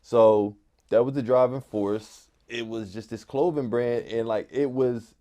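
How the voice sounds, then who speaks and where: A man with a Philadelphia accent tells stories in a relaxed, mellow voice. He drifts along casually, leaning on "like" as he talks. His tone stays warm and unhurried. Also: medium pitch. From West Philadelphia. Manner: laid-back, many "like" fillers. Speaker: guest, artist and DJ. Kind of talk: casual interview storytelling.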